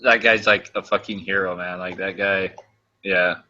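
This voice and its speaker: A man's voice: low-pitched, little pitch movement, moderate pace, pushed and bright, muffled recording. A man in casual voice chat, joking crudely and padding his talk with "like.". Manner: crude, laughing banter full of "like".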